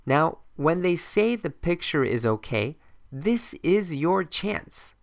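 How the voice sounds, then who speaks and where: A man leading a podcast English lesson at an unhurried, deliberate pace, spelling out each phrase so learners can repeat it. The sound is dry and close, with no room around it. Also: fairly high pitch, big pitch swings, no echo. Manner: slow, clear modeling of phrases for learners to repeat. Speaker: English teacher.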